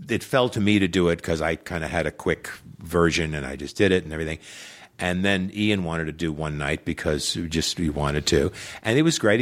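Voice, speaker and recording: A man guesting on a podcast, chatting casually about acting, laughing often and restarting his sentences. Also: deep voice. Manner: laughs easily, halting self-corrections. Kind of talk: casual conversation.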